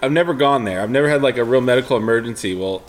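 A young man co-hosting a casual podcast, telling a story with lively quoted voices. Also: mid-range voice, rapid-fire, faint music behind. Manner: animated storytelling, acts out quoted talk. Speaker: podcast co-host. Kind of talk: casual chat.

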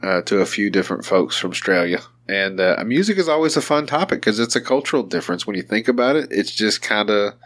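A man's voice: lowish voice, animated, fast, hardly any pauses, fairly bright tone. An American man hosting a podcast, chatting in a crude, joking way full of swearing. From United States. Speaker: podcast host. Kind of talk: casual chat.

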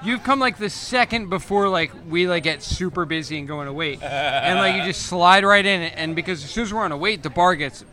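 A man with a bright, somewhat high voice talks casually and rambles through his stories, restarting and circling back often. He sits at an outdoor table, recorded in the open air. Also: fairly quick. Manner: rambling storyteller, frequent restarts and fillers. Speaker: podcast host. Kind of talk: casual chat.

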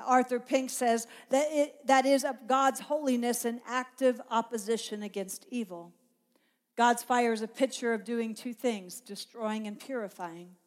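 Female preacher, high-pitched, passionate sermon with emphatic repetition. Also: fairly even intonation, unhurried.

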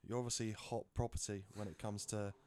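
A man's voice: fairly low pitch, little pitch movement, a little fast, darkish tone, a little hiss or hum. Male podcast host, jokey and teasing, casual chat.

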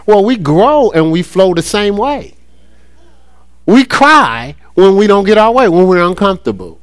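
Animated preacher man. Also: high voice, measured pace, clear, resonant tone, dry recording. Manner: animated preaching, acts out playful voices. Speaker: pastor. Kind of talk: sermon.

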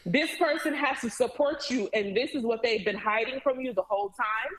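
A woman telling a story in casual chat, emphatic and animated, acting out what people said. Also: a little high, normal speed, echoey room, low-quality recording. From Caribbean family background. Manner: animated, emphatic retelling with acted-out quotes.

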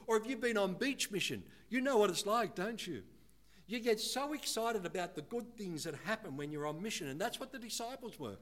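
A male pastor delivers a sermon in a church, his voice sitting a little higher than most men's. He is earnest and steady, and he slows down on the words he wants to land. He brightens and becomes animated when he acts out what people say.

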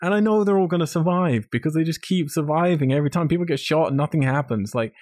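A man's voice: fairly high pitch, fast talker, darkish tone, no room sound. Male podcast co-host, blunt and sweary, dry recording. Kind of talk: casual film review chat.

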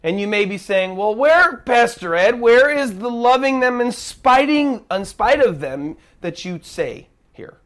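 A man preaching a sermon as pastor, emphatic, dropping to a hush and rising to near shouts. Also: extremely high pitch, animated, measured pace, hardly any pauses.

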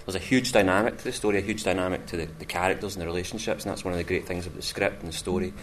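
A man, an actor, talking in an interview in a measured, searching way. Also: low-pitched, fairly even intonation, a little hiss or hum.

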